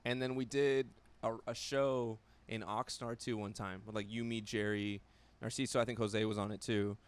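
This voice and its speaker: A man's voice: on the low side, fairly even intonation, moderate pace, smooth. A man co-hosting a podcast in casual chat, rambling through stories with restarts and laughing along. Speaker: podcast co-host.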